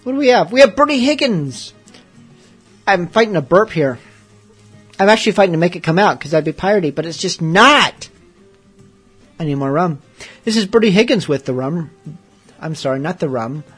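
A man's voice: fairly high pitch, expressive, normal speed, long pauses, a bit bright, husky, soft background music. A man hosting a late-night show, chatting casually with rambling, joking asides. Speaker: radio show host.

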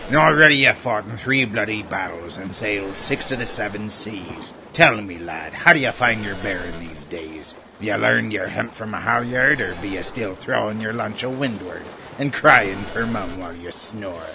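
An actor playing a bossy old pirate bosun in a comedy radio ad, with a booming, theatrical sea-dog brogue. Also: male voice, expressive, moderate pace, creaky, hardly any pauses, noisy background. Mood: blustering.

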